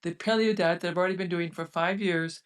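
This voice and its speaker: A woman's voice: on the low side, fairly even intonation, fast, clean tone, far from the mic. Woman telling her story, slightly off-mic. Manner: earnest storytelling in present tense, emotional peaks. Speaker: podcast guest, physician. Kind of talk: personal story in conversation.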